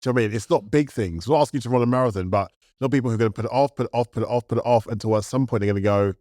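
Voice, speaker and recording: A man's voice: medium pitch, very fast, mellow, no room sound, clean studio sound. A man in casual chat as a podcast co-host, reflective, picking up speed when he makes a point.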